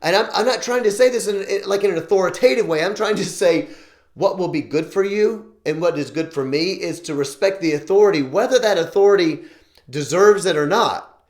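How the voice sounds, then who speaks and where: A man hosting his own show, talking earnestly through his opinions and often restarting sentences. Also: sits high. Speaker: show host. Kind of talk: opinion vlog monologue. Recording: roomy echo.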